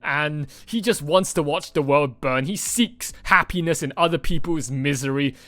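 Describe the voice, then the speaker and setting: A man hosting a movie reaction video, talking excitedly and rambling, with frequent swearing and restarts. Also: fairly high pitch, moderate pace, dry recording. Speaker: reaction channel host. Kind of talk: casual movie reaction chat.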